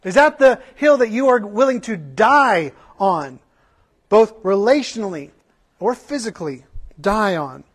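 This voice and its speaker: A man with a notably high voice delivers a sermon in the manner of a passionate preacher. He presses his listeners with rhetorical questions, then drops into earnest, conversational asides full of restarts. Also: expressive, unhurried. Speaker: pastor.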